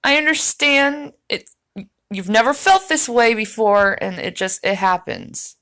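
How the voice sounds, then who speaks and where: A woman's voice: mid-range voice, lively intonation, a little slow, a bit bright. A woman streaming a reaction to a video, rambling and swearing as she talks straight at the man in it. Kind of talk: casual reaction commentary.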